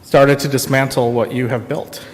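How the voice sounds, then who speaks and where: A man giving a sermon as minister, in a slow, reflective, pausing storytelling manner. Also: medium pitch, little pitch movement, slight background noise. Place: church sanctuary. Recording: long reverb of a church sanctuary.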